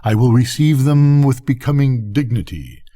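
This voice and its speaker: A man's voice: medium pitch, expressive, moderate pace, dark tone, close to an everyday voice. An older man voicing a conceited, pompous male firework rocket. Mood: haughty. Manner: pompous, haughty.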